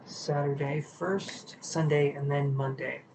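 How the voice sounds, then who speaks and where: Over some background noise, a tarot reader shuffles cards during a live stream, chatting casually with viewers and greeting them along with a pet. Her medium-pitched voice stays steady and slow, and she sounds sleepy, yawning as she goes.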